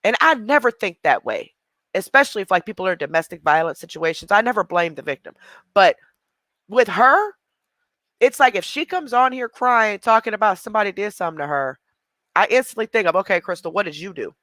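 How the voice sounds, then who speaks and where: A woman's voice: medium pitch, very animated, brisk, fairly bright tone, no echo. A woman giving blunt, mocking reaction commentary on a livestream.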